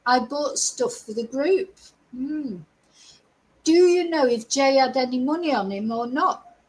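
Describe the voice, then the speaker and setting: A woman's voice: sits high, unhurried, darkish tone, rough recording. A middle-aged woman giving chatty, exasperated livestream commentary as a true crime host. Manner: chatty, exasperated, laughs between remarks.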